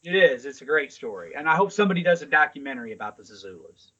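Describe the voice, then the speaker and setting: A man's voice: fairly high pitch, big pitch swings, very fast, bright, forceful tone, breathy edge, highs cut off. A man co-hosting a podcast in casual chat, talking in a rambling, profane way. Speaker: podcast co-host. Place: Saint Louis.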